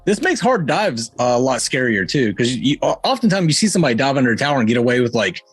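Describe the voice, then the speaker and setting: A man's voice: medium pitch, very animated, quick pace, breathy edge, no echo, soft background music. A man on a gaming panel chatting casually, joking, laughing through his lines and swearing. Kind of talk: casual livestream chat.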